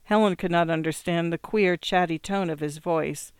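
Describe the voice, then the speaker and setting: Smooth, measured audiobook narrator. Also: mid-range voice, dry recording. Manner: measured, steady literary reading. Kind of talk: scripted narration.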